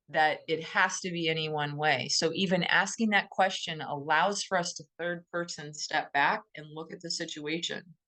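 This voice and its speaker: A woman co-hosting a podcast, speaking in a thoughtful, gently emphatic way and often posing questions to herself. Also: lowish voice. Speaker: podcast co-host. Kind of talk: reflective conversational podcast talk.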